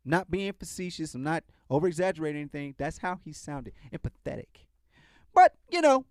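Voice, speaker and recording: A man talks through a podcast segment in loose commentary, swinging his pitch up and down as he reacts with sarcasm. His voice sits a bit high for a man. The sound is dry and close. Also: brisk, no room sound. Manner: animated, sarcastic, restarts often. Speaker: podcast host. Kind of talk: casual commentary.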